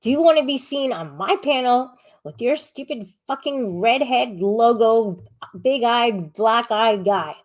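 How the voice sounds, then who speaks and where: A woman hosting a live-stream panel, chatting casually, reading the chat aloud and scolding viewers in a rambling, sharp manner. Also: a little high, animated, a little slow.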